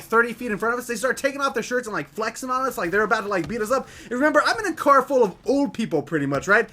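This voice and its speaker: A young man casually telling a story, chatty and animated, filling his talk with "like" and "right?". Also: extremely high pitch.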